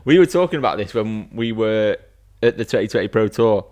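A man's voice: on the low side, animated, brisk, a little mellow. Man, co-host, casual chat, teasing, reads stats. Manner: teasing, reads stats aloud, laughs often. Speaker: podcast co-host.

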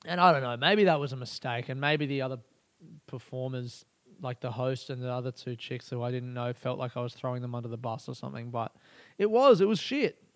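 A man's voice: medium pitch, fairly even intonation, a little fast, fairly bright tone. A male comedian and podcast host telling a story in a rambling, profane and exasperated way. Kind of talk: casual storytelling monologue.

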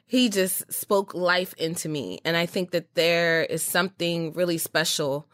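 A woman's voice: on the low side, expressive, unhurried, a bit bright, no echo, studio quality. A woman hosting a podcast, chatting casually and speaking from the heart. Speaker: podcast host. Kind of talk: casual chat.

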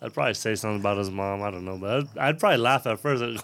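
A man's voice: fairly low pitch, fast talker, gravelly, a bit bright, slight background noise. A man co-hosting a podcast, telling jokes in a laid-back way and laughing. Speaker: podcast co-host. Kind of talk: casual chat.

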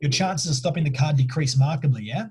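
Aussie guy coaching on a podcast, really husky breathy voice, kinda high, keeps saying right?. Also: fast, darkish tone. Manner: emphatic, keeps checking in with "right?". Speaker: guest, mindset coach. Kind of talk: casual storytelling interview.

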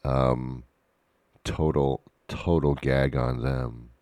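A man's voice: a bass voice, steady tone, extremely slow, a little mellow, no echo. A man hosting a radio talk show, rambling and joking at his own expense. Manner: rambling, self-mocking, jokey. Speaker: radio host. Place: radio studio.

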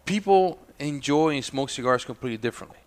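A man guest on a talk show, telling stories in a casual, animated way and laughing often. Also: mid-range voice, fast talker. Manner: animated, laughing, loud when imitating others. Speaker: guest, cigar maker. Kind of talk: casual storytelling chat. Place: indoor studio, on a couch.

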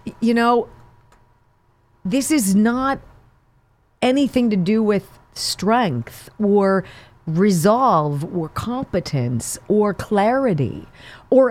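A woman's voice: medium pitch, dark tone. A woman hosting a political talk show, delivering sarcastic, mocking commentary.

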